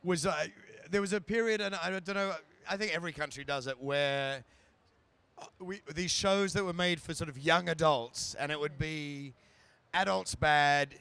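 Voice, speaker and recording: Man, guest actor, live stage interview, anecdotal, smooth voice. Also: fairly high pitch, moderate pace, bright, forceful tone. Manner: chatty anecdotal storyteller, putting on silly voices.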